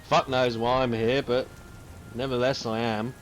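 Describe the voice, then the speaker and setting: A man's voice: medium pitch, flat delivery, moderate pace, a little hiss or hum, close to an everyday voice. A man voicing a blunt, crude male cryptography professor with a New Zealand accent.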